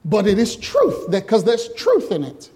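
High-voiced chatty male pastor. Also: huge pitch swings, measured pace, warm tone. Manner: chatty, jokey, asks the congregation questions. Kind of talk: interactive sermon. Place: church hall with congregation.

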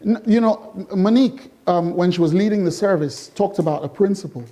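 A middle-aged male pastor preaching a sermon, asking the congregation repeated rhetorical questions and moving between slow, emphatic lines and quick bursts. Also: high voice, mellow.

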